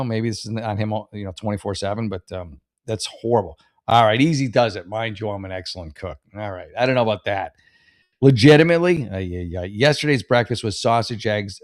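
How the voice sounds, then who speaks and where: A man riffs through reader posts in a loose, rambling, sarcastic way, cursing freely and tripping over his own restarts. His voice sits at an ordinary middle pitch. The sound is dry and close, with no room echo at all. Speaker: host reading and reacting to advice posts. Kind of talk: casual comedic commentary.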